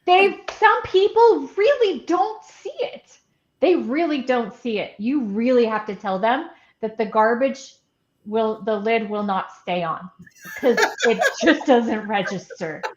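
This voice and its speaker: Middle-aged woman, fairly high voice, casual chat, echoey muffled sound. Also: a little slow, slight background noise. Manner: chatty, laughs often while telling stories.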